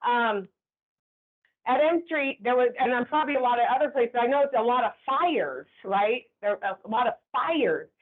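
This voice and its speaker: High-voiced woman trainer, tinny recording. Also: moderate pace. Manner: lively, keeps checking in with the room. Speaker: workplace trainer. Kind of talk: classroom training talk.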